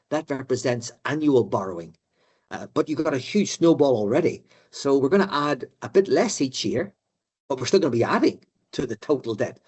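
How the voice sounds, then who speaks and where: A man's voice: medium pitch, breathy edge. An older man giving a conversational economics talk to a room of finance professionals, with frequent fillers and repeated words. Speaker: economic adviser lecturing finance directors. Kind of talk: live presentation to an audience.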